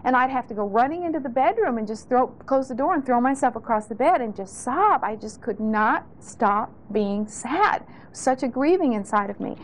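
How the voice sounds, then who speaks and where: A middle-aged woman speaks with earnest, heartfelt conviction as she shares her testimony, her voice sitting a little high. She circles back and restarts phrases as she goes. Faint noise hangs under the recording. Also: expressive, normal speed, hardly any pauses, poor audio. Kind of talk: testimony sermon.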